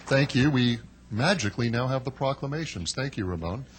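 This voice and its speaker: A man's voice: mid-range voice, expressive, a little fast, slight background noise. A man presenting proclamations at a council meeting, in a genial, joking manner with frequent fillers. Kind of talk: ceremonial remarks.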